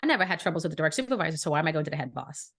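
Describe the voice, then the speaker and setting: A woman's voice: low-pitched, sing-song, racing, a bit bright. A woman podcast co-host, from Brooklyn, telling a story in casual chat and acting out the dialogue with indignant energy.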